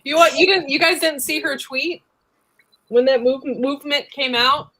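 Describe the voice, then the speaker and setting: A woman's voice: high voice, normal speed, a bit bright, low-quality recording. A friendly woman in casual live-stream chat who says "y'all" a lot.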